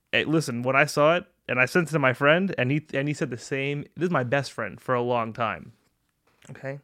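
Recorded cleanly in a studio with no room sound, this podcast host is a young man with a mid-range voice. His monologue is a casual, comedic rant, animated and profane, and he slips into mocking put-on voices.

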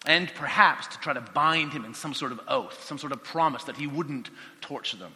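A man giving a lively Bible teaching talk, conversational, acting out quotes with voices and asides. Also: fairly high pitch, normal speed. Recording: long hall reverb.

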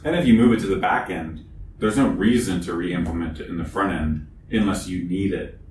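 Low-voiced man talking shop in an echoey room. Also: a little fast. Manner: thinks aloud, restarts mid-sentence. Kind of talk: casual technical chat. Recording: echoey room, distant mic, background noise.

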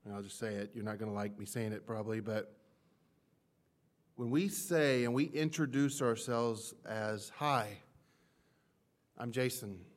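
A man preaching a sermon to a congregation. He leans hard on key words, swings between loud peaks and near-whispered drops, and acts out the doubts of his listeners as quoted prayers. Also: lowish voice, steady tone, moderate pace. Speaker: pastor.

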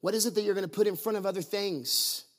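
A man with a high-pitched voice delivers a sermon as the pastor. He preaches emphatically, leaning on repetition and strings of rhetorical questions aimed at the congregation. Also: fast talker.

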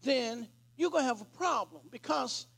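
High gravelly preacher man, slow. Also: lively intonation, a bit bright. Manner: preaching with dramatic retelling, clears throat. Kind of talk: sermon.

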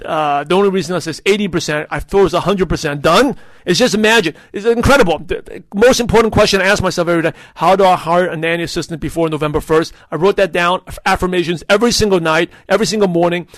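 A man in his thirties talks through a casual solo podcast in a fairly high voice. He rambles and restarts often and leans on fillers. The sound is dry and close, with no room around it. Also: fairly bright tone, no room sound. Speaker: podcast host.

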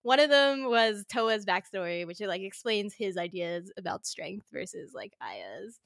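A woman co-hosts a casual chat, talking in a lively way and breaking into laughter often. She acts out characters' lines as she goes. Her voice is recorded close and dry, with no room sound. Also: mid-range voice, unhurried, vocal fry, dry recording. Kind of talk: casual chat about an anime.

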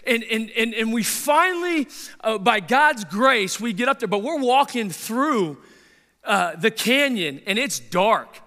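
A man preaching a sermon, telling a story in an animated way and stumbling over repeated words. His voice is high and bright. The sound rings with the long reverb of a large hall.

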